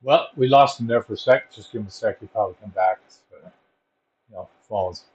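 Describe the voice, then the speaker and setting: A man hosting a live stream, talking in a relaxed, offhand way. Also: on the low side, fairly quick, slightly rough, muffled recording. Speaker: host. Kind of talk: casual live talk.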